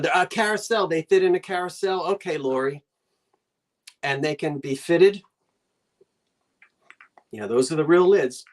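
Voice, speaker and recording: Running a live online antiques sale, an older New Jersey-accented woman talks in a rambling, chatty way, half to herself and half to viewers. Her voice sits low.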